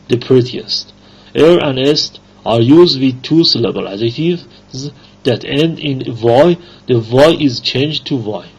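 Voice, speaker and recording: A man reads a grammar lesson at an unhurried, halting pace, pausing with fillers between examples. His voice is husky and a little breathy, and the recording sounds dull and lo-fi. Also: mid-range voice, darkish tone. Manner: slow, halting reading with fillers. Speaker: English grammar teacher. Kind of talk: reading grammar lesson aloud.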